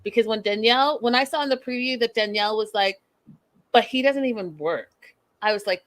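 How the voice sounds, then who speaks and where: A woman hosts a live reality-show recap in a blunt, sassy, animated way, slipping into the voices of the people she mocks. Her voice sits a little high, and the sound is close and dry, with no room around it. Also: fairly quick, no room sound. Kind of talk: live-stream recap commentary.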